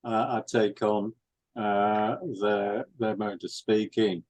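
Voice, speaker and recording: A man speaking hesitantly with many pauses in a casual video call chat. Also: lowish voice, flat delivery, a little mellow, rough recording. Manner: hesitant, lots of uh fillers. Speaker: discussion participant.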